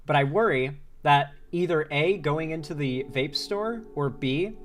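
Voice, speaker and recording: Male live-stream host, loose and profane, a touch high, faint background music. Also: measured pace. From Florida. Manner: rambling, profane, excitable. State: sore throat. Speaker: political commentary streamer. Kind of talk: casual live-stream chat.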